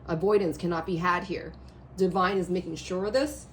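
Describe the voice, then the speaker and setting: A woman reading tarot cards in a rambling, animated way, her voice a little hoarse, often checking in with the listener. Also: lowish voice, normal speed, slight background noise. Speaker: tarot reader. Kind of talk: casual spiritual reading to camera.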